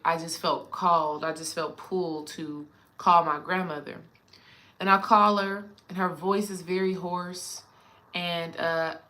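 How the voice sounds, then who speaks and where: A woman's voice: on the low side, a bit bright. A woman spiritual coach talking casually and animatedly to her viewers, addressing them directly.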